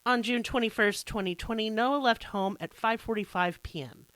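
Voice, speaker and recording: An American woman hosts a true crime podcast with a bright, forceful voice. She talks casually and irreverently, pokes fun at herself, and swears now and then. The sound is close and dry. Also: a little high, moderate pace, dry recording. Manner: casual, irreverent, self-deprecating, occasional swearing. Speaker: podcast host.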